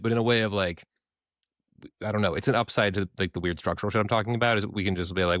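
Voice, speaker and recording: A podcast co-host, a man with a low voice, talks in a loose, candid ramble and swears freely. He acts out the people in his stories with quick voices of their own. The sound is dry and close. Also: a bit bright, no echo. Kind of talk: casual discussion.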